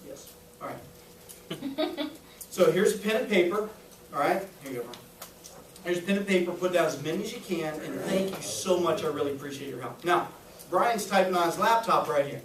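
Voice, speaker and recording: High-voiced man coaching in an echoey room. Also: animated, normal speed, a bit bright. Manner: upbeat, coaching, asks the room questions. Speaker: sales trainer. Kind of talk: live sales training talk. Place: training room with a small audience. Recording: echoey room, voice a little far.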